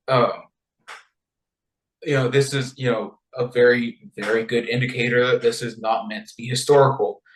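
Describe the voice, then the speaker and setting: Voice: medium pitch, reverberant, poor audio. A podcast co-host retelling a text in a playful, chatty way and laughing often. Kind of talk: casual chat, retelling a text.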